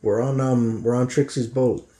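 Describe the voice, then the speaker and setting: A man's voice: medium pitch, steady tone, moderate pace, mellow, echoey room. A man narrating as game master of a tabletop game in a casual, jokey way.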